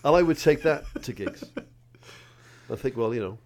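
A man co-hosting a live comedy podcast, telling a lively anecdote. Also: mid-range voice, moderate pace. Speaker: podcast co-host.

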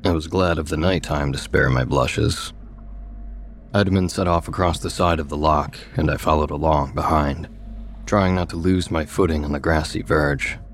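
A man narrating a first-person story in a measured, steady storytelling manner. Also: rumbling low, faint music behind.

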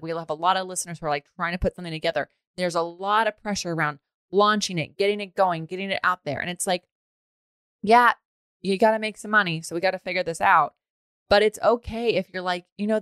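A woman's voice: lowish voice, no echo, clean studio sound. Chatty woman host, laughing and swearing. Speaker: podcast host. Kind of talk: casual chat.

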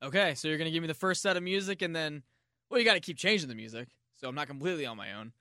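Bright-voiced American man joking around. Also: a little high, animated, no echo, studio quality. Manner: rambling, jokey, quick to riff. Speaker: podcast co-host. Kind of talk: casual comedic chat.

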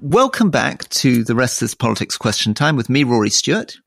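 A man's voice: mid-range voice, sing-song, normal speed, creaky, over music. A man co-hosting a political podcast, reading listener messages and chatting playfully, often repeating his words as he gets going. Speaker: podcast co-host. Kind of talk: casual political chat.

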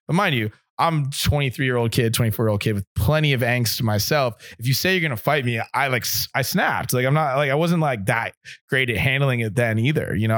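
Fast-talking man telling stories, dry sound. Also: medium pitch, dry recording. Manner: rambling, filler-heavy, acts out quotes. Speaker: interview guest. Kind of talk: casual storytelling interview.

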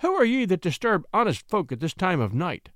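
A man's voice: sits high, big pitch swings, a little fast, fairly bright tone, no echo, studio quality, voice pushed up. A man voicing a frightened innkeeper who stammers and grovels before a lord. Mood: grumpy. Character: frightened, fawning male innkeeper.

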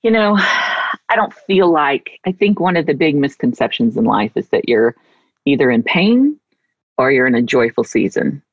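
Husky-voiced woman author, dry dull audio. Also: a bass voice, very animated, moderate pace, dry recording. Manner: heartfelt, reflective, emphatic. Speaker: author guest. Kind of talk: conversational interview.

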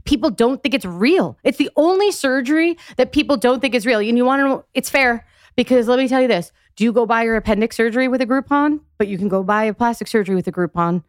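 A woman's voice: on the high side, lively intonation, fast, no echo, studio quality. A woman in her forties, a physical therapist guest on a podcast interview, explaining things step by step with emphasis.

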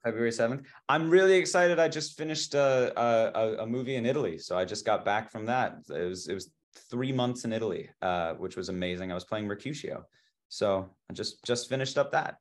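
A man's voice: medium pitch, brisk. A young man, an actor, chatting as a podcast guest and telling stories with lots of restarts. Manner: animated storyteller, stammers and restarts. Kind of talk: casual interview chat.

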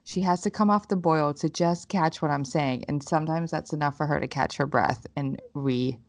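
A woman's voice: deep voice, moderate pace, no echo. A woman co-hosting a podcast in casual chat, telling parenting stories candidly and swearing freely. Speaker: podcast co-host.

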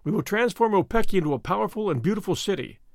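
A man voicing a bold, boastful young American consul in an audiobook, making forceful declarations. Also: sits high, animated, fast talker, dry recording, studio quality, voice pushed up. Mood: enthusiastic.

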